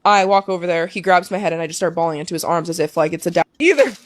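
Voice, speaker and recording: A woman's voice: fairly low pitch, very fast, no echo, studio quality. A young woman talking as a guest, telling an emotional personal story casually with many fillers.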